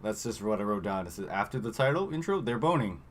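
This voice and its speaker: Speaking fast in a fairly low voice with big swings in pitch, a man co-hosting a podcast runs through a movie recap. It's casual and rambling talk, read off his notes and full of fillers as his sentences trail away.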